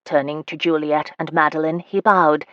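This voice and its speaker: Low-voiced woman narrating a romance. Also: steady tone, moderate pace, a bit bright, no echo, lo-fi sound. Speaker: audiobook narrator. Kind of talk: scripted narration of a romance novel.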